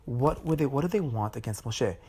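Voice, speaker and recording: A man's voice: medium pitch, lively intonation, fairly quick, darkish tone, husky. A man giving an informal Torah class, retelling Talmudic stories conversationally, with frequent restarts and Hebrew terms. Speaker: Torah teacher.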